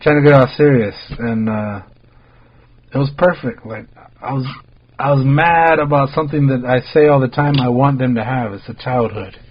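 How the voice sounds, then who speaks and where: A man's voice: medium pitch, moderate pace, slightly rough. American podcast host guy rambling thru a story, lots of "like", cussing, kinda muffled sound. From United States. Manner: laid-back, rambling, heavy on "like" fillers and swearing. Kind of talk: casual storytelling chat.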